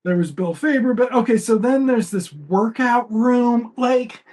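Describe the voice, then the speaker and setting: A man's voice: extremely high pitch, expressive, a little slow, darkish tone. A man co-hosting a casual movie commentary, rambling and chatty, swearing offhandedly. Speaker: podcast co-host.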